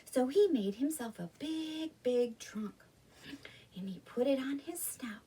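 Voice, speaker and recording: A woman leading an interactive children's storytime, reading aloud and coaching kids through yoga poses in an animated way. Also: high-pitched, measured pace, slightly rough, recorded from a distance.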